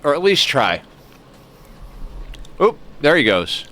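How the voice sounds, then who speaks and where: A young man streaming a game, chatting casually and musing out loud, with lots of filler words. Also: on the high side, sing-song, takes it slowly. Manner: rambling, reflective, many filler "like"s; cooing baby talk to a pet. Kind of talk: casual gameplay stream chat.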